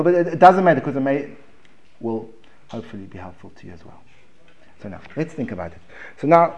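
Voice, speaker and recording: A man's voice: fairly high pitch, darkish tone. South African man lecturing a class. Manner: conversational, repeats words and restarts, asks the room questions. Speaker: Talmud teacher. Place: basement classroom.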